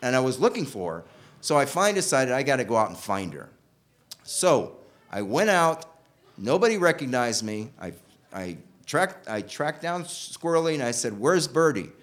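A man's voice: very animated, moderate pace. A man telling an emotional personal story from his own life, acting out the people he quotes. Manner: emotional, voices quoted people with big pitch jumps.

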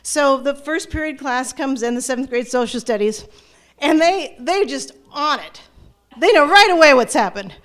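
A middle-aged woman telling a personal story to an audience, animated and self-mocking, often restarting her sentences. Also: high voice, moderate pace. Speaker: storyteller, former teacher.

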